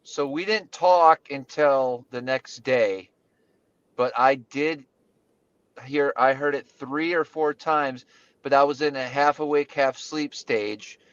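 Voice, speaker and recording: A man's voice: medium pitch, slow, a bit bright, smooth, dry recording. Easygoing man on a dull lo-fi line. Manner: easygoing, trailing restarts. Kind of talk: casual livestream chat. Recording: dull lo-fi dry sound.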